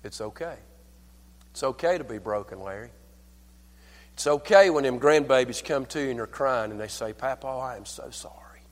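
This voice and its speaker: An older man preaching a sermon at a church service. He tells folksy stories, calls for amen, and swings from hushed lines to loud, fervent preaching. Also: mid-range voice, expressive, normal speed, long pauses, in a large hall. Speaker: pastor.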